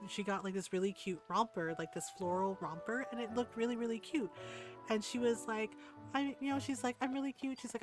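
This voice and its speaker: A woman streamer in casual chat, ranting heatedly with lots of swearing and frequent "like" and "right?". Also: mid-range voice.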